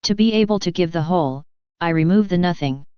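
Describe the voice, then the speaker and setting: A woman reads devotional text in a measured, even recitation. Her voice sits a little low and is very smooth and resonant. The recording is dry and slightly dull, with a lo-fi edge. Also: no room sound. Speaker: reader. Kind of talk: devotional reading.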